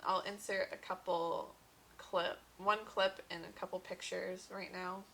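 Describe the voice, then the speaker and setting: A woman's voice: fairly low pitch, little pitch movement, unhurried, vocal fry, a bit bright, a little hiss or hum, low-quality recording. A young woman vlogger telling a personal story in a casual, chatty way, full of fillers and quoted dialogue.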